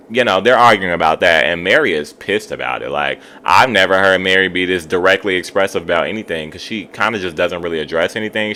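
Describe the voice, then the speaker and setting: A man giving an animated, gossipy recap of a reality TV episode, full of slang. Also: low voice. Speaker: TV show reviewer.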